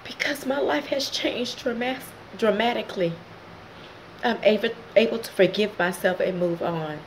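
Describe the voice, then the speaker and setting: A woman's voice: medium pitch, normal speed, slight background noise, rough recording. A middle-aged woman, speaking straight to her viewers as she recounts a painful family story. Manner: emotional, direct address to viewers. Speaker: channel host. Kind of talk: personal testimony vlog.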